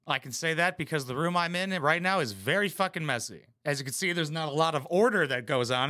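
Bright, crude-talking male commentator. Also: a little high, no room sound, studio quality. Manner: crude, mocking, blunt. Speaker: reaction commentator. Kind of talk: casual profane commentary.

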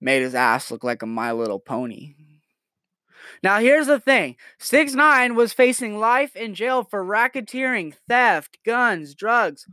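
A man's voice: high-pitched, lively intonation, measured pace, bright, forceful tone, no echo, studio quality. A nineteen-year-old man telling crude jokes and rambling on a casual comedy podcast from his bedroom. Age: late teens. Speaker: podcast host.

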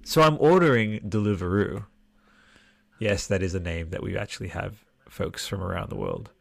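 A man's voice: low-pitched, big pitch swings, moderate pace, creaky, no echo. A man hosting a podcast livestream, reading out viewer comments in a rambling, chatty way, tired and swearing freely. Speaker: podcast host. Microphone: desktop mic with headphones.

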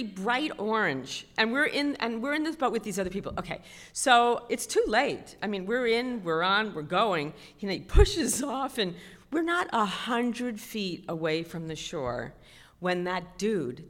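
Animated woman doing stand-up in a hall. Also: mid-range voice. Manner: animated, self-deprecating, rises to loud outbursts. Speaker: stand-up comedian. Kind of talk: stand-up storytelling.

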